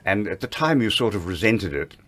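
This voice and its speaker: A man's voice: on the low side, very animated, brisk, fairly bright tone. An older man, a veteran stage performer, tells anecdotes in an interview, chuckling and acting out the lines he quotes. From Australia. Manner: chuckling storyteller who acts out quoted lines.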